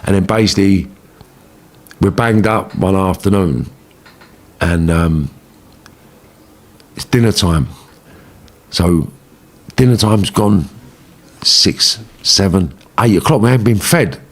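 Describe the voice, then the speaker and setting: A man with a London accent telling his life story in an interview, blunt and slangy, with plenty of swearing, getting animated as he relives arguments. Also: low voice, takes it slowly, pauses often. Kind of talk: casual storytelling.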